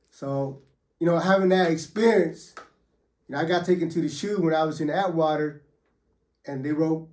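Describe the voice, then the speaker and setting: A man's somewhat high voice recounts his own prison days in loose, easygoing storytelling. His talk is full of swearing and street slang, with constant "you know" fillers. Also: a little mellow. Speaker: former federal prisoner telling his stories. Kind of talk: casual first-person storytelling.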